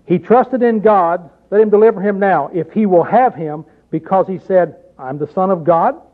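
High-voiced preacher on a tinny line. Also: male voice, moderate pace. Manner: emphatic, rhetorical questions, reads scripture aloud. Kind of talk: sermon. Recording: tinny phone-like recording.

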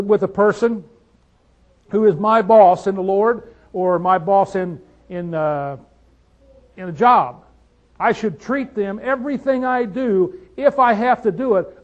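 A man preaching a sermon, reading scripture aloud and quizzing his listeners with emphatic rhetorical questions. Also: sits high. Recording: dull lo-fi sound.

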